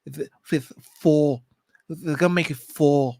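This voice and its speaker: A man doing an impression of a famous boxer, repeating himself in halting, effusive praise. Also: fairly high pitch, steady tone, vocal fry, darkish tone, no echo. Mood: gushing. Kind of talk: impression during casual chat.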